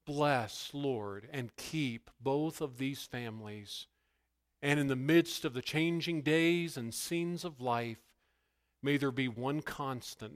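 A man preaching as pastor, who prays softly and then tells stories with animated, emphatic bursts. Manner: animated storytelling, rising to loud emphatic bursts; hushed, low prayerful delivery. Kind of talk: sermon with opening prayer.

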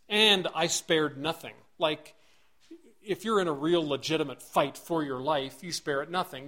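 A man's voice: a little high, a bit bright. Earnest man preaching with rising emphasis. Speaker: pastor. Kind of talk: sermon.

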